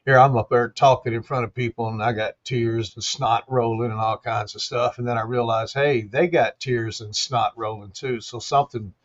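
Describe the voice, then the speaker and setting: A man's voice: mid-range voice, steady tone, moderate pace, few pauses, dull audio. A man guest telling his own story in a blunt, plainspoken way. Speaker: guest, veteran advocate.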